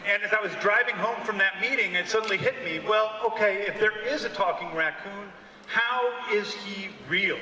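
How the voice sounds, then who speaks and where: A man's voice: sits high, crowd noise. Distant reflective man in a reverberant hall. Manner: musing, measured. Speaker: film director on a panel. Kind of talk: reflective storytelling on stage. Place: large convention hall stage. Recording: roomy hall with long reverb, distant mic.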